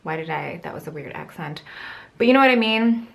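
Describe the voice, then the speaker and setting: A woman's voice: sits low, animated, a little fast, gravelly. Chatty woman rambling through beauty products. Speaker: beauty vlogger. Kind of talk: casual makeup vlog talk. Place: home, indoors at her makeup setup.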